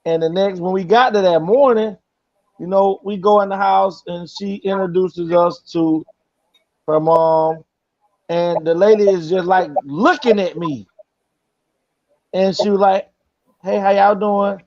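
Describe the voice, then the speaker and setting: A man's voice: high-pitched, a little slow, darkish tone. A man tells a story in casual conversation. He slips into the voices of the people he quotes. The sound is a little dull and lo-fi. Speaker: host.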